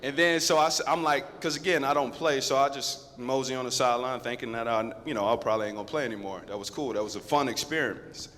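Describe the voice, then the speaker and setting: A man in his thirties, a guest speaker at a school, telling a lively story straight to the students. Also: medium pitch, fast talker, few pauses. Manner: lively, conversational, addresses the crowd directly. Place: school assembly hall. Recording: long echo of a big hall.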